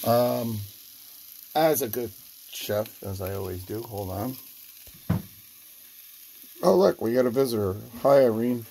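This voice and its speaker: Slow, gravelly-voiced man joking in his kitchen. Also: mid-range voice, lively intonation, mellow, a little hiss or hum. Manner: joking, rambling, talks to viewers. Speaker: host of a home cooking video. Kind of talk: casual cooking vlog. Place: home kitchen.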